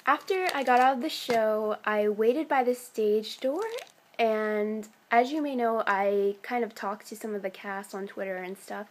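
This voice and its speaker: An excitable teenage girl chatting to camera in a casual vlog, her voice a little high. She rambles eagerly, filling her sentences with "like" and "um". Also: unhurried, slight background noise. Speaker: vlogger.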